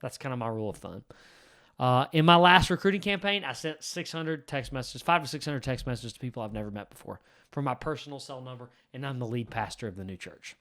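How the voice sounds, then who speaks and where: A man's voice: medium pitch, expressive, quick pace, a bit bright. A man who is a lead pastor, giving a blunt, emphatic teaching talk to other church leaders. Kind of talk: direct-to-camera teaching talk.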